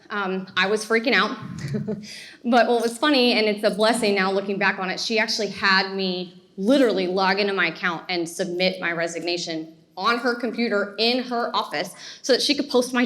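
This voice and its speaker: A woman, giving a motivational talk and telling her story in an animated way with laughter. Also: mid-range voice. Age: 30s. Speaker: speaker.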